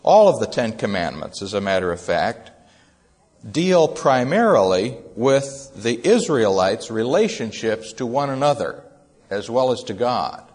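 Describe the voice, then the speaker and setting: Slow, deliberate male preacher. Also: mid-range voice, sing-song, darkish tone. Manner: slow, deliberate, measured delivery with pauses. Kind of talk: expository sermon.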